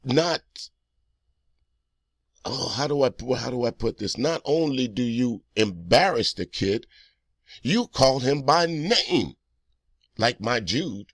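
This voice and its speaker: A man's voice: medium pitch, lively intonation, takes it slowly, long pauses, no room sound, clean studio sound. A man hosting a reaction video, delivering heated, profane, accusing commentary straight at the person in a clip.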